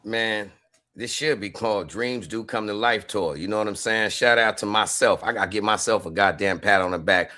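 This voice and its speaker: A man's voice: fairly low pitch, normal speed, sharp tone. A man chatting casually on a podcast as a guest, rambling through stories in slang and laughing as he goes.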